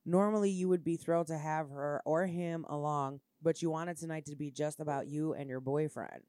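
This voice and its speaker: A woman's voice: sits low, steady tone, normal speed, warm tone, no room sound, studio quality. A woman co-hosting a casual chat, talking bluntly, swearing freely and reading items aloud. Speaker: podcast co-host.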